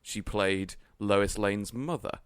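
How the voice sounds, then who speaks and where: A man's voice: fairly low pitch, slow, clear, resonant tone. A man co-hosting a podcast, reviewing films in casual chat with wry, rambling tangents, recorded in a studio. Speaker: podcast co-host.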